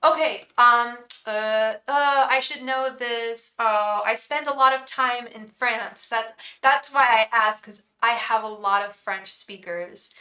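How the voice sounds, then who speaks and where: Fairly high-pitched, bright and forceful, this woman speaks slowly with few pauses, her voice reverberating. She's from England and hosts a live tarot stream, casually and effusively chatting with viewers, greeting each by name and halting to restart sentences.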